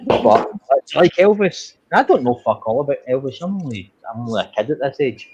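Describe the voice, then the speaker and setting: A man's voice: medium pitch, very animated, fairly quick, a little mellow, breathy edge. An Irish man rambling through a story in casual chat, swearing freely. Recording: dull lo-fi sound.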